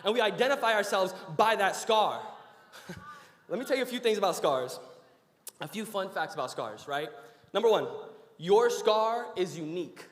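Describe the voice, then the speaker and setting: A man's voice: high-pitched, animated, moderate pace, long pauses. Young man preaching in an echoey hall. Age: young adult. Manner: conversational, storytelling, builds to emphatic preaching. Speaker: student preacher. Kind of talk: short sermon.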